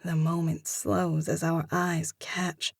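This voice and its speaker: A woman narrating a first-person romance audiobook, in a measured, expressive manner. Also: sits low, vocal fry, no room sound, clean studio sound.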